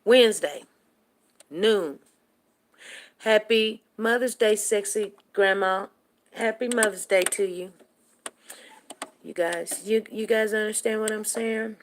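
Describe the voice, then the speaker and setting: A woman's voice: medium pitch, fairly bright tone, slight background noise. A woman hosting a casual livestream, talking straight to her viewers in an emphatic, preachy way. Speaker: livestream host.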